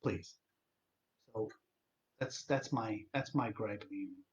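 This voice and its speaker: A man's voice: lowish voice, a little slow, lo-fi sound. Sick, worn-out man ranting on a live stream. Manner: exasperated, profane ranting with many restarts. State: sick and tired, congested.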